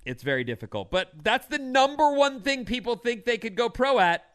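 A man's voice: very high voice, very animated, moderate pace, fairly bright tone, clean tone. A man hosting a radio show, chatting casually and reading quirky news items with an opinionated, teasing manner.

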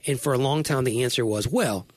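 A man's voice: medium pitch, quick pace, dry recording. A man co-hosting a casual Christian conversation, speaking earnestly and rambling, often correcting himself mid-sentence. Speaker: Christian podcast co-host.

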